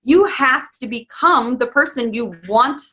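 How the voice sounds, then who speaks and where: A woman coaching parents in a casual interview, chatty and excitable, laughing often. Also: high-pitched, a little slow, muffled recording.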